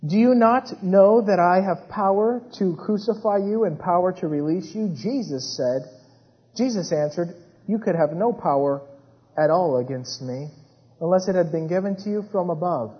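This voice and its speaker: High-pitched preacher guy, goes quiet then builds up intense, big reverby hall. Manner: dramatic, swings between hushed and rising intensity. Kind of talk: sermon. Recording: dull sound with long hall reverb.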